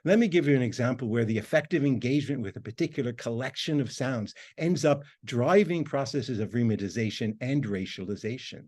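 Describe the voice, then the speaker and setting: A man, a university lecturer, reading a prepared academic talk in a measured, formal way. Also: medium pitch, a little mellow.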